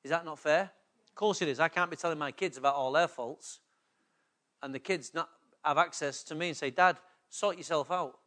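A man's voice: on the high side, brisk, bright, forceful tone. A man preaching a sermon as pastor, often putting rhetorical questions to the congregation.

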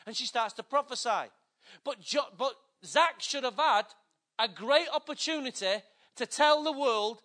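High, bright-voiced older male preacher. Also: normal speed. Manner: emphatic, swings between loud and hushed. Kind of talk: sermon.

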